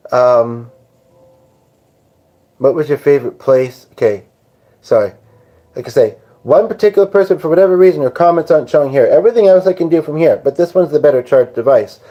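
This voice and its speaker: A man's voice: on the high side, lively intonation, fast, dark tone, lo-fi sound. A tired man hosting a live stream, rambling and joking casually as he answers viewers' comments. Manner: rambling, jokey, chatty with viewers. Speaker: livestream host.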